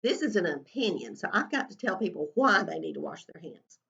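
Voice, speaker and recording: A kindergarten teacher modelling a writing lesson for young children, talking slowly in a sing-song way and stretching out sounds while she writes and draws. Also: fairly low pitch, very animated, creaky, bright, forceful tone, lo-fi sound.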